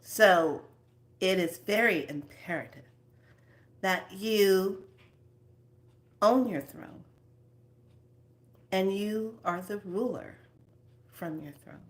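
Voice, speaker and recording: A woman giving a spiritual motivational talk to her viewers, slipping between soft whispered phrases and lively acted asides. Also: medium pitch, drawn-out words, long pauses. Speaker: spiritual self-help speaker.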